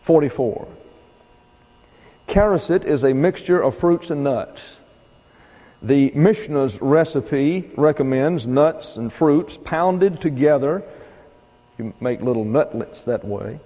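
A man teaches a Bible class in a loose, folksy way, wandering into asides and spelling words out letter by letter. His voice is dark and mellow. Long reverb from a hall trails behind him. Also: fairly high pitch, expressive, takes it slowly.

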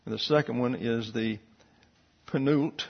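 A man teaching a Bible class, opening with a prayer and then explaining word meanings step by step, in a measured way with frequent "uh" fillers. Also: mid-range voice, creaky. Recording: dull lo-fi recording.

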